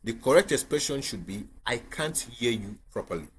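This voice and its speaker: A Nigerian-accented IELTS tutor teaches to camera in a medium-pitched, expressive voice at normal speed, with a little hiss or hum on the recording. He's emphatic, repeats key points, and frequently asks viewers whether they follow.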